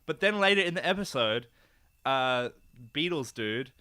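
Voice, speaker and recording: A young man co-hosting a comedy podcast, talking in an animated, sarcastic, rambling way. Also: mid-range voice, a little slow, clean tone, no echo, studio quality. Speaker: podcast co-host. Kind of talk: casual comedic chat.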